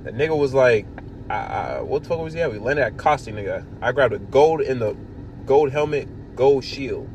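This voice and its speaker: A man hosting a podcast in casual chat, telling profane, animated stories. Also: mid-range voice, moderate pace, slight background noise. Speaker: podcast host.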